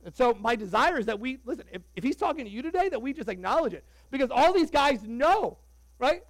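Animated high-voiced male preacher, dry sound. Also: a little fast, no echo, low-quality recording. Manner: animated, conversational, joking with the congregation. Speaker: pastor. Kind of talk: sermon.

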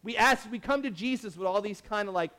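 A pastor whose voice sits high, pushed and bright, speaks fairly quickly. He delivers a casual, conversational sermon, often correcting himself, using "like" a lot, and acting out the people he quotes.

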